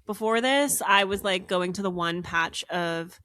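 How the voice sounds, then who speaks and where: A woman's voice: mid-range voice, unhurried, no echo. A young woman hosting a podcast, telling a long story in casual chat with lots of "like" fillers. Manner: animated, frequent "like" fillers. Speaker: podcast co-host.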